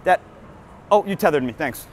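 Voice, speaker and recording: A man's voice: on the high side, expressive, normal speed. A hungover man hosting a crude comedy podcast on a city street at night, talking in a loose, brash, joking way. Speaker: podcast host. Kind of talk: crude casual comedy chat. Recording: outdoor street with faint traffic.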